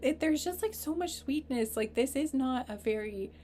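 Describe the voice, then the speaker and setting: A woman giving a casual tarot reading, rambling and halting, earnest and openly emotional. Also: high-pitched, lively intonation, dark tone, slight background noise. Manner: rambling, halting, full of fillers and restarts. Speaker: tarot reader. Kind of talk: casual spiritual reading to camera.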